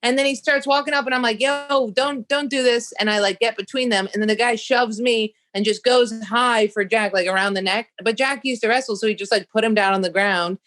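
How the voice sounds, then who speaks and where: A woman's voice: a little high, a little fast, hardly any pauses. A young woman, a comedian guest on a talk show, telling a story in casual chat, profane and acting out the voices of the people in it. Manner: animated, profane, acts out quoted voices.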